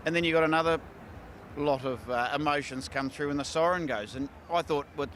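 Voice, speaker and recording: A man's voice: on the high side, fairly quick, noisy background. A man, a racehorse trainer talking candidly after a big win, with lots of fillers and restarts. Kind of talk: casual post-race interview. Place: outdoors at a racecourse.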